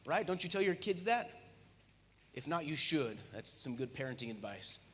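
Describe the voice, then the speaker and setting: Man, pastor preaching, fairly high voice, joking conversational delivery, church hall echo. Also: expressive, measured pace, long pauses, fairly bright tone. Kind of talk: sermon. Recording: echoey church hall reverb.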